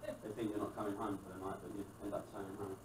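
A man's voice: on the low side, flat delivery, racing, noisy background. A man doing a crude, wry stand-up set and hosting the show, mocking people in quoted voices. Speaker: stand-up comedian and show host. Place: live comedy venue, echoey room with loud music. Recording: echoey live room, distant mic, loud music.

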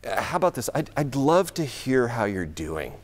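A man's voice: mid-range voice, sing-song, moderate pace. A middle-aged man preaching a sermon in a church, conversational, laughing often and repeating words as he thinks. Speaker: pastor.

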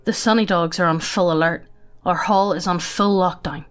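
A woman's voice: fairly low pitch, steady tone, normal speed. A woman narrating a sci-fi story aloud in a matter-of-fact, casual way, often breaking into laughter.

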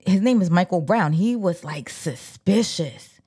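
A woman casually retelling an old scandal from a book, animated and slangy, talking straight to her viewers. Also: fairly low pitch, a little slow, breathy edge. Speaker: book commentator. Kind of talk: casual storytelling.

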